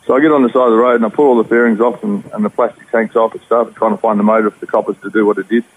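A man with an Australian accent telling his personal story in rough, slangy speech as an interview guest. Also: on the low side, steady tone, racing, phone-quality sound, a little hiss or hum. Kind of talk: personal testimony.

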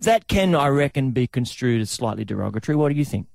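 Aussie radio host bloke, gravelly voice, dry studio sound, chatty and laughing. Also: male voice, mid-range voice, big pitch swings, fast talker, a little mellow, no room sound. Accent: Australian. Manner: chatty, laughing, asks co-hosts questions. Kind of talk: radio banter.

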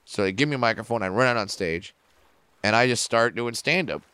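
Smooth-voiced profane male comedian. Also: lowish voice, brisk, no echo. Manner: profane, animated storytelling. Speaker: comedian guest. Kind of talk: casual podcast interview.

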